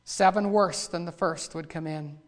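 A man preaching a sermon. He builds from quiet asides to loud, fervent cries when he reads scripture. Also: a little high, fairly even intonation, moderate pace. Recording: long hall reverb.

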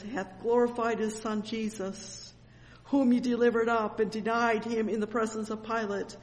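A woman preaching a sermon with fervent exclamations, reading scripture and retelling it. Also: mid-range voice. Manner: fervent, frequent exclamations of "oh" and "amen". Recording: long hall reverb with faint ambience.

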